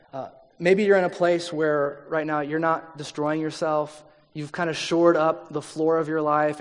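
Male pastor, conversational sermon, quoting people in voices, long hall reverb. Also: on the high side. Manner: conversational, asks the audience questions; acts out quoted people in voices.

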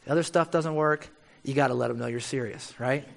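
A man preaching a conversational sermon, animated and playfully wry, often tossing in quick tag questions to the listeners. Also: mid-range voice, vocal fry.

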